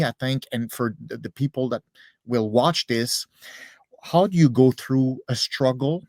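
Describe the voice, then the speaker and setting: Casting: male interviewer, mid-pitched, halting and searching for words, dry mic. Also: darkish tone, no room sound. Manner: hesitant, many restarts while framing questions. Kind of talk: casual interview chat.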